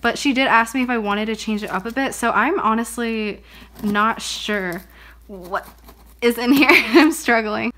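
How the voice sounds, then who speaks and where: A woman's voice: on the high side, unhurried, pushed and bright, a little hiss or hum. A young woman vlogging casually as she unboxes presents, bubbly and gushing, often gasping and saying how pretty things are. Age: young adult. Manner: bubbly, gushing, frequent gasps and laughs.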